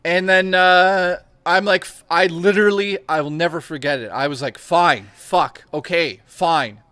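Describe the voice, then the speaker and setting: A man telling crude, animated stories in casual chat as a stream co-host. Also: high voice, moderate pace, clear, resonant tone, no room sound.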